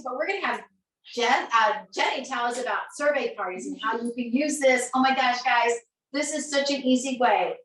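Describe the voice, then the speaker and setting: A woman hosting a live sales team video, bubbly and quick to laugh, announcing prize winners. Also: fairly high pitch, fairly bright tone. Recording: echoey room, far from mic.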